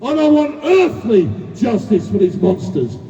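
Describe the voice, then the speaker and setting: A man shouting a ranting protest speech, heard distant and echoey through a dull lo-fi recording. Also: high voice, sing-song, measured pace. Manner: ranting, shouting, emphatic repetition. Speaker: protest speaker. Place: outdoor street protest.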